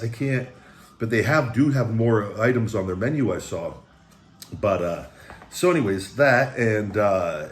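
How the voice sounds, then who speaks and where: A man with a deep, reverberant voice hosts a food review vlog from a room at home where his pet dogs are, with slight background noise. He chats casually in a rambling, laid-back way and calls himself the big guy.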